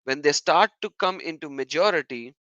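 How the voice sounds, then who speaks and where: A man talks straight to his viewers in an emphatic, insistent way, circling back to the same points and firing off rhetorical questions. His voice is bright and forceful, and the recording is close and dry. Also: on the high side, moderate pace, no echo, highs cut off. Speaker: YouTuber responding to comments. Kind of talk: monologue commentary vlog.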